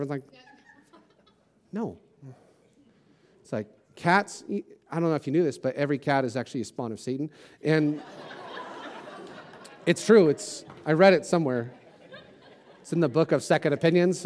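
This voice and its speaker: A man preaching a sermon as a pastor, casual and conversational, with self-deprecating jokes and lots of "like" and "you know". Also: fairly high pitch.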